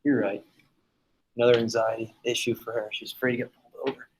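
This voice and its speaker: A man's voice: medium pitch, completely flat delivery, racing, a little hiss or hum, low-quality recording. A man teaching a classroom lesson in a casual, joking, chatty way, telling stories and teasing his students.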